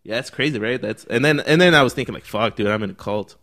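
A young man in casual chat, telling an animated story, acting out other people's lines and swearing freely. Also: mid-range voice, quick pace.

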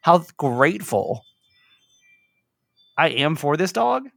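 A man's voice: a little high, big pitch swings, slow, vocal fry, a bit bright, no room sound. A man hosting a podcast, telling a rambling, emotional story in casual chat. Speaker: podcast host.

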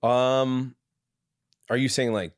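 A man's voice: medium pitch, fairly even intonation, takes it slowly, no room sound, studio quality. A young man who is a guest on a casual podcast, talking in a laid-back, reflective way.

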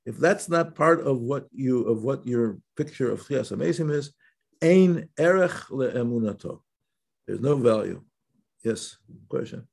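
A man teaching an informal Torah class, talking in halting phrases with frequent restarts and checking questions. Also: medium pitch, vocal fry, darkish tone, husky. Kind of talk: informal religious lesson.

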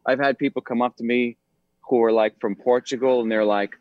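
A man's voice: mid-range voice, fairly even intonation, a little fast, no echo. A man in his forties talking as an actor and podcast guest in a casual interview, thoughtful, with many ums and restarts. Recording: dull, slightly lo-fi sound.

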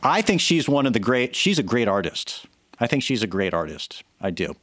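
A man's voice: mid-range voice, sing-song, moderate pace, fairly bright tone, dry recording. A man cohosting a podcast, chatting casually and giving strong opinions with many restarts, into a microphone. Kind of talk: casual chat. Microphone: studio microphone.

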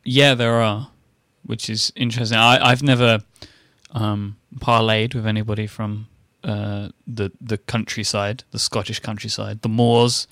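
British man with a gravelly voice. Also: fairly low pitch, little pitch movement, a bit bright, no echo. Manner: halting, dry understatement. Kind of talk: casual chat.

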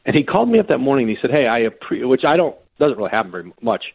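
A man telling stories as a sports reporter guest in casual conversation, with lively quoted voices and frequent restarts. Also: medium pitch, very fast, creaky, husky, no room sound. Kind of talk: conversational storytelling. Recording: tinny phone-line audio.

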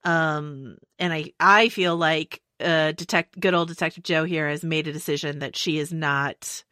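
A woman co-hosting a casual podcast, animated and quick to laugh. Her voice is a little low but bright and forceful. The sound is dry and close. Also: dry recording. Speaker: podcast co-host.

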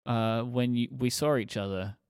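A man's voice: medium pitch, steady tone, moderate pace, a little mellow, smooth, no echo, studio quality. A British man hosting a podcast, joking and teasing his co-host in casual chat. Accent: British English. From Britain. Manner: joking, teasing, laughs often.

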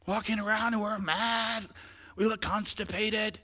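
Animated high-voiced pastor in a reverberant hall. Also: male voice, moderate pace. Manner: animated, swinging from quiet asides to shouted exhortation; joking, playful. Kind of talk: sermon.

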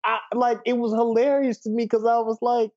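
A man's voice: very high voice, level tone, fairly quick, darkish tone, muffled recording. A man in his thirties co-hosting a podcast, telling a story in an amused, casual way. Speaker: podcast co-host.

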